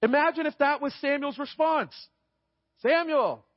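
A man's voice: high voice, expressive, normal speed, no room sound, lo-fi sound. A man preaching a sermon in a conversational way, often checking in with his listeners. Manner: conversational, often adds "right?".

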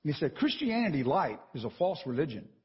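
A man preaching a sermon in a church, animated and conversational, often checking in with the congregation. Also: on the high side, fast, big-room sound, dull audio. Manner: animated and conversational, with frequent "right?" asides.

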